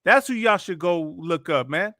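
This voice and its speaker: A male host gives mocking, preachy religious commentary, circling back on the same phrases again and again. His voice is high and sharp. The sound is close and dry. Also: expressive, normal speed, dry recording. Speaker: host reacting to videos.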